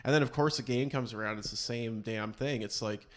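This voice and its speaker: A man's voice: mid-range voice, a little fast. A man hosting a podcast, rambling through casual chat with sarcastic, mock-serious asides. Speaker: podcast host.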